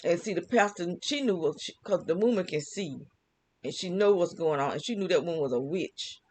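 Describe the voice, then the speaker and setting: Woman, vlogger, casual spoken testimony, rambling, frequent laughs, restarts sentences. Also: on the low side.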